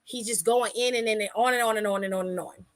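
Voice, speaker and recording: A woman hosting a podcast, recapping a wrestling show in a casual, animated way and acting out what people said. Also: medium pitch, fast. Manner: animated storytelling, acts out quotes, laughs often. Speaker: podcast host.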